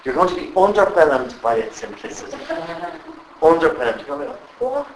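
Animated man leading a workshop. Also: fairly high pitch, fast, distant mic, slight background noise. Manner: animated, asks the audience constant questions. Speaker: trainer. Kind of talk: live workshop talk to a group. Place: training room with live audience. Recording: echoey room with faint ambience.

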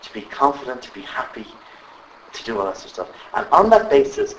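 A man with a mid-range voice runs a workshop for a live audience in a training room, speaking briskly and animatedly and peppering the group with questions. He sits far from the mic in an echoey space with faint ambience and slight hiss or hum.

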